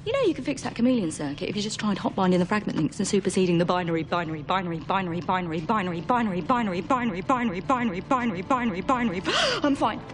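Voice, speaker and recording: An actress playing a frantic human woman whose mind is overloaded with alien knowledge, babbling fast and then pleading. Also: mid-range voice, sing-song, close to an everyday voice. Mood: babbling manic. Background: film score.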